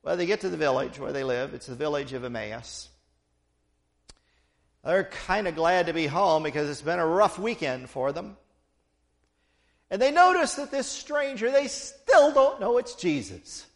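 A man's voice: fairly high pitch, expressive, normal speed. A man preaching a sermon, retelling a story with playful asides to the congregation.

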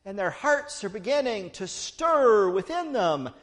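A man's voice: high voice, sing-song, measured pace, fairly bright tone. A man preaching a sermon, retelling a story with playful asides to the congregation.

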